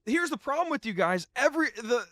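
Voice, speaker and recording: Teasing high-voiced man. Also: sing-song, fairly quick, bright, forceful tone, no room sound, studio quality. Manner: teasing, joking. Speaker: podcast co-host. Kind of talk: casual sports chat.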